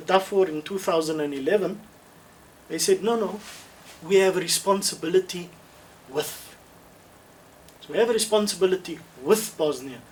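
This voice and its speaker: A man answers questions in an online webinar, speaking in a measured, thoughtful way with restarts and emphatic repetition, over a video call. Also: high-pitched, far from the mic, low-quality recording. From South Africa.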